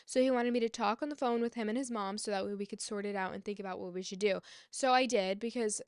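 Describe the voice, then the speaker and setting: A woman's voice: medium pitch, steady tone, fast talker, a little mellow, smooth, dry recording, clean studio sound. A young woman telling a personal story in a casual, chatty way, full of "like" and "um" and often exasperated. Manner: chatty, frequent "like" and "um" fillers; exasperated, emphatic. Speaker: vlogger.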